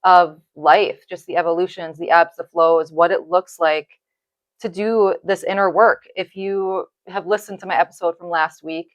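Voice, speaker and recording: A woman hosts a heartfelt podcast conversation from an office, gushing and openly emotional. Her voice sits a little low and the room sounds close and dry. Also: steady tone, normal speed, no room sound. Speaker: podcast host. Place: office space, indoors.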